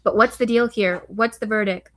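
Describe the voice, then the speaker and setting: A woman's voice: mid-range voice, fairly even intonation, moderate pace, a bit bright, lightly acted. A woman reading as a wry, impatient official. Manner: wry, pressing.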